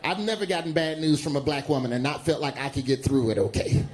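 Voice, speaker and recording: A man from Alabama, doing a loose, animated stand-up set on a stage. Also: a little high, fast talker, a little hiss or hum. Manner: animated, loose storytelling with exaggerated voices. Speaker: stand-up comedian. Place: comedy stage before a live audience.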